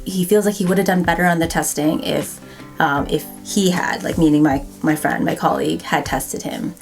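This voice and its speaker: A woman in her thirties talking casually to camera, conversational and wry, with plenty of "like" fillers. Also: sits low. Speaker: vlogger.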